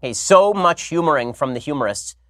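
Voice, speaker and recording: A man hosting a commentary show, telling stories in a casual, animated way with sarcastic asides. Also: a little high, brisk, no room sound, studio quality. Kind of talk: casual comedic monologue.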